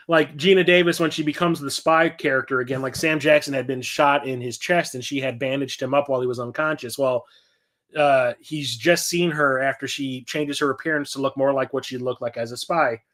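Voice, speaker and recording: A man's voice: medium pitch, steady tone, normal speed, fairly bright tone. A middle-aged man chatting casually about his new movie purchases, rambling and enthusiastic. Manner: enthusiastic and rambling, quoting movie lines with laughs. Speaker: host of a physical media collection show.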